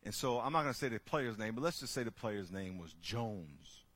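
A man speaking to a group, telling lively stories and acting out the people in them with loud bursts. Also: lowish voice, normal speed, no room sound. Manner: lively, acts out characters with loud shouting bursts. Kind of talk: animated storytelling talk.

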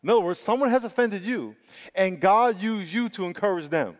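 Guy preaching a sermon, kinda high voice, big hall reverb, leans hard on words. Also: lively intonation. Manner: emphatic preaching with drawn-out stresses and repetitions. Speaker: pastor. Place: church sanctuary. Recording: long reverb of a large hall.

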